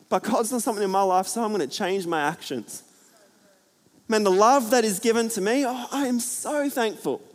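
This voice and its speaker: A man preaching a sermon to a church, chatty and energetic, full of fillers and jokes. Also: sits high. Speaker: pastor. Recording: hall reverb.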